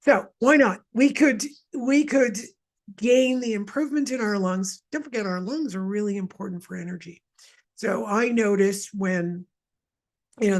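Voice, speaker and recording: Chatty woman from Montreal leading a wellness session. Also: mid-range voice. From Montreal, Canada. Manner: chatty, rambling, with many asides and restarts. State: mild asthma. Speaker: energy healer leading a session.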